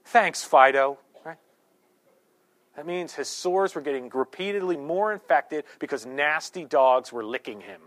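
A man preaching a sermon in a church, conversational and joking, with sudden loud bursts. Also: on the high side, measured pace. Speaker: pastor. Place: church sanctuary.

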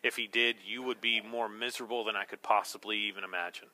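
A man preaching a sermon as pastor, swinging between hushed, slow words and loud, emphatic ones. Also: lowish voice, steady tone.

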